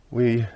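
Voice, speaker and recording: A man's voice: dry recording, muffled recording. A middle-aged man teaching a casual painting lesson, chatty and laughing at himself, trailing off when he concentrates.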